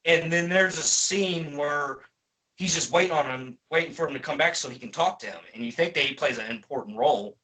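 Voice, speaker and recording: A man's voice: fairly high pitch, a little fast, pushed and bright, low-quality recording. A man giving a profane, exasperated ranting movie review as a film reviewer.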